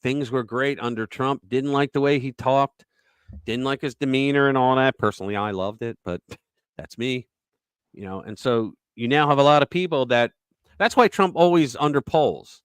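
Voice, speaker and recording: The recording is dry and studio quality, carrying a man's clean, mid-range voice. He hosts a political commentary show, speaking emphatically in a conversational way and retelling stories with quick asides.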